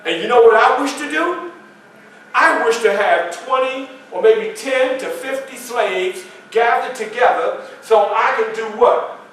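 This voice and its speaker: A reenactor with a very high, fairly bright voice and lively intonation speaks unhurriedly as a historical figure to a library audience. He tells his story folksily in first person, questions listeners and acts out the other characters. The audio, from a distant camera in an echoey meeting room, has slight background noise.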